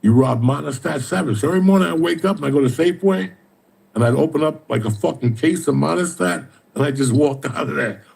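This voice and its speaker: A man's voice: fairly high pitch, fast, gravelly, darkish tone, breathy edge. A middle-aged man, telling profane, streetwise stories in casual chat. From New Jersey. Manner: streetwise, swears constantly, tells stories with mimicked dialogue.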